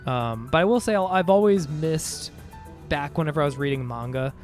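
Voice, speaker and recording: A man's voice: fairly high pitch, normal speed. A man streaming a game, chatting casually and joking with his viewers. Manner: playful, jokey, chatty with viewers. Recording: faint music behind.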